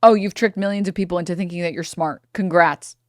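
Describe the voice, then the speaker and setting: A woman's voice: lowish voice, steady tone, quick pace, no room sound, clean studio sound. A woman streamer giving live reaction commentary in a heated, profane rant.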